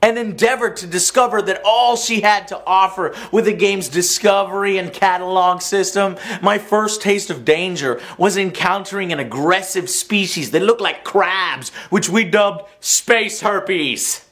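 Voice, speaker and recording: A man's voice: high voice, unhurried, few pauses, fairly bright tone. A man reading a scripted game review voice-over, earnest with a wry edge.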